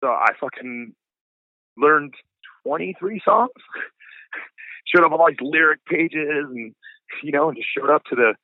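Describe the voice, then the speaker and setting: A man's voice: a little high, lively intonation, measured pace, long pauses, dry recording. Chill 40s guy, says dude a lot, sounds like a phone line, dry. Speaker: guest, punk band singer. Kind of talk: casual storytelling chat.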